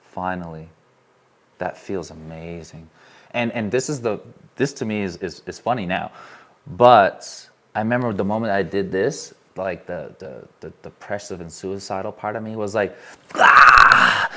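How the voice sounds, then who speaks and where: A man leading a live workshop, telling a candid personal story in an earnest way and putting questions to the people in the room. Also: low voice. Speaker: workshop speaker. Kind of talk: live workshop talk to an audience. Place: room with a small live audience.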